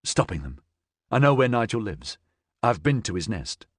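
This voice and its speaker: A man voicing Slavasta, a remorseful, sheepish rebel leader who speaks quietly and apologetically. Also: lowish voice, very animated, moderate pace, no room sound, clean studio sound.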